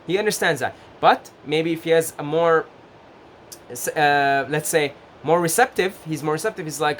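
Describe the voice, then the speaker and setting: Man, casual advice monologue, gentle and repetitive, fairly high voice, faint background ambience. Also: lively intonation, moderate pace, a little hiss or hum. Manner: gentle, repetitive, with many fillers and restarts. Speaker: advice vlogger.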